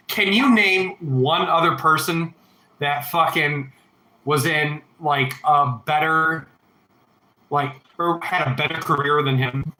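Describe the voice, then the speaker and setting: Foul-mouthed rambling man, bright voice. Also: medium pitch, reverberant, low-quality recording. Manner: profane, rambling, blunt opinions. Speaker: livestream host answering chat. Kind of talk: casual livestream Q&A.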